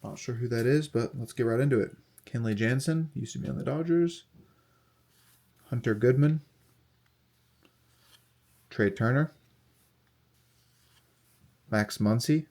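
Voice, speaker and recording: A young man casually talking through a card unboxing, reading off player names in a steady, relaxed list. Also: mid-range voice, measured pace, long pauses. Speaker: card collector unboxing host.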